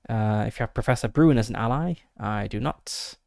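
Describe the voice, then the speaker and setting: A man plays a solo tabletop game on stream, reading the book's passages aloud and talking himself through the dice rolls with plenty of ums. His voice sits at an ordinary middle pitch, and the sound is dry and close, with no room echo. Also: fairly quick, creaky, few pauses, a little mellow. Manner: reads gamebook text, mutters over dice rolls with fillers.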